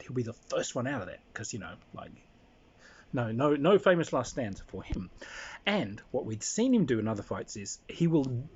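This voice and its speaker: Husky-voiced man telling a lively game anecdote. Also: medium pitch, highs cut off. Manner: animated, playful, slips into character voices. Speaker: storyteller recounting a tabletop game. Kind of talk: casual anecdote with acted-out voices.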